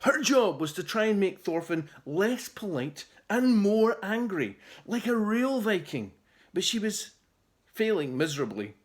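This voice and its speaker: A man reading his children's book aloud in an animated, theatrical way. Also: sits high, measured pace.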